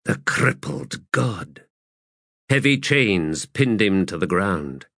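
A male narrator reads fantasy prose in a measured, unhurried voice. His pitch sits in the middle range. The recording is close and dry. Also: lively intonation, creaky, fairly bright tone, no room sound. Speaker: audiobook narrator.

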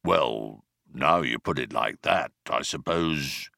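A man voicing a dim-witted alien spaceship guard who talks in a slow, sluggish, booming way. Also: animated, vocal fry, sharp tone, no room sound, studio quality, exaggerated voice. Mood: ponderous.

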